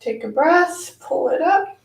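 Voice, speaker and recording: A woman teaching a live-streamed yoga class, giving slow, calm cues between audible sighs and sounding a little out of breath as she demonstrates. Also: very high-pitched. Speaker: yoga instructor. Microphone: camera mic at a distance. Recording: echoey room, voice from far off.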